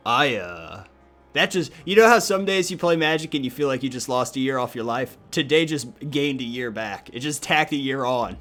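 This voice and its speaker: Excitable, foul-mouthed gaming commentator. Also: male voice, medium pitch, normal speed, faint music behind. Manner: crude, excitable, joking, swings from mutter to shouting. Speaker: gaming YouTuber. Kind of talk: profane gameplay commentary.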